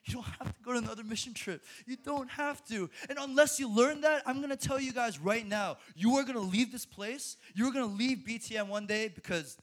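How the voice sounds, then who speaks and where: High-voiced lively young preacher man. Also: fairly quick, few pauses. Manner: animated and laughing, with many restarts. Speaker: speaker at a college ministry. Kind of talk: sermon.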